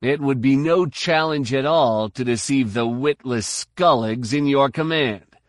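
A man's voice: mid-range voice, unhurried, dry recording, studio quality, pitched above the performer's own voice, natural voice. A man voicing a curt, cool-headed male pilot, clipped and cutting.

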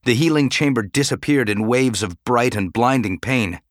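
A man giving measured, dramatic audiobook narration. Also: mid-range voice, no echo, studio quality.

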